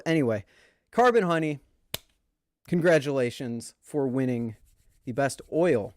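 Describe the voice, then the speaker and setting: A man's voice: medium pitch, animated, measured pace. A man hosting an awards show in a casual, teasing, sarcastic way. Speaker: show host.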